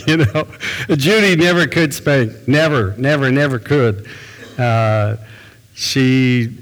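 Older man, pastor, folksy sermon, medium pitch, long hall reverb. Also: slow pace. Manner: folksy, storytelling, conversational.

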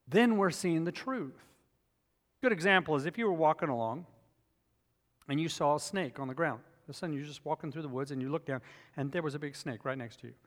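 A man's voice: high-pitched, a bit bright, big-room sound. A man preaching a sermon as pastor, emphatic and repetitive, telling personal stories to make his points.

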